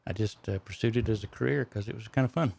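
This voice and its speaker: An older man from the Texas Panhandle with a Texas accent, answering in a relaxed, folksy interview style. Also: fairly low pitch, fast, gravelly, breathy edge. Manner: folksy, self-deprecating storyteller. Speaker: guest, economist and speaker.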